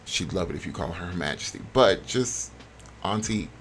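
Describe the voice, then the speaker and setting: A man voicing a sassy, strict mother in a life-sim game, with a scolding, drawn-out delivery. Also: low-pitched, expressive, fairly bright tone, a little hiss or hum, pitched below the performer's own voice. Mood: prim.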